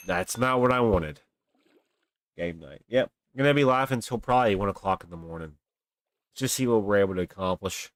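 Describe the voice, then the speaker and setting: A man's voice: medium pitch, no room sound. A young man livestreaming a game, chatting casually with viewers and grumbling and exaggerating about his luck. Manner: animated, talks to chat, grumbles and exaggerates. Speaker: livestreaming gamer. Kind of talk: casual live game commentary. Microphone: desk mic, webcam stream.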